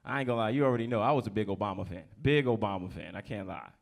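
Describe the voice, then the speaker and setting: A man's voice: fairly low pitch, very fast, creaky. Jersey guy doing standup at a club, loose and chatty, riffing with the crowd. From New Jersey. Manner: loose, conversational, teases the crowd. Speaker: stand-up comedian. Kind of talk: stand-up comedy set. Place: comedy club stage.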